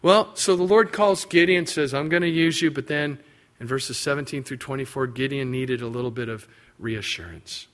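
A man preaching a sermon, acting out biblical figures' words with lively, rising emphasis. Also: normal speed. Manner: animated, acts out biblical quotes with rising pitch and emphasis. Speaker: pastor.

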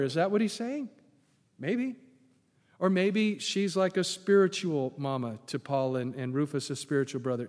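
Preaching man with an emphatic, reverberant voice. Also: darkish tone. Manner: conversational, emphatic preaching with dramatic pitch swings. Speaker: pastor. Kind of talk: sermon.

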